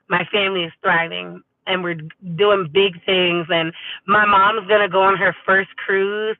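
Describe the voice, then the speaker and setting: A woman's voice: fairly low pitch, fairly even intonation, normal speed, no echo. A woman from California chatting upbeat and casually with her viewers as a livestream host, calling them y'all. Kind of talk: casual live chat to viewers. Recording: tinny phone-like audio, dry.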